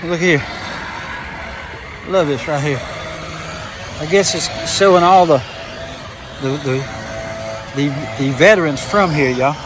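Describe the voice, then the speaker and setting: Excited man outdoors. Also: a little high, takes it slowly, pauses often, noisy background. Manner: enthusiastic, folksy, repeats himself. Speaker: vlogger. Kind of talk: casual vlog. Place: outdoors in a small town square.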